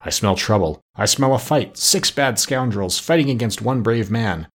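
A man with a husky voice voicing a loyal, brave male dog who growls and mumbles low in his sleep, in a storybook reading. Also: lively intonation, moderate pace. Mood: growling.

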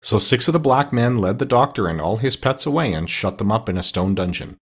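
A male narrator reading a children's book aloud at an even, steady pace. His voice sits low and has a husky grain. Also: fairly quick. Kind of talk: audiobook reading of a children's novel.

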